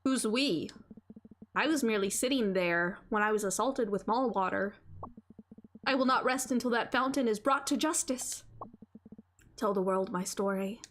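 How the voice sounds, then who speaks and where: A woman's voice: medium pitch, moderate pace, pauses often, slight background noise, lightly acted. A woman voicing a sarcastic young adult female cat from a video game, reading her lines in a mock-solemn, theatrical way. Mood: mock-indignant.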